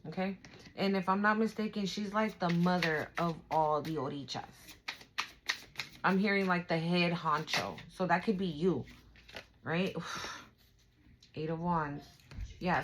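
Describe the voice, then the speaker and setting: A woman's voice: on the low side, moderate pace, slight background noise, low-quality recording. A young woman giving a casual spiritual tarot reading, emphatic, emotional and profane, talking straight to her viewers. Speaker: tarot reader.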